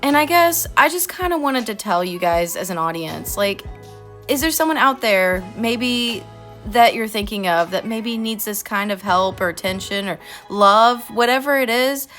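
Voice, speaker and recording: A woman's voice: mid-range voice, lively intonation, normal speed, fairly bright tone. A woman artist talking casually over her drawing, earnest and heartfelt, rambling a little. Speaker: artist vlogger. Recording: faint music behind.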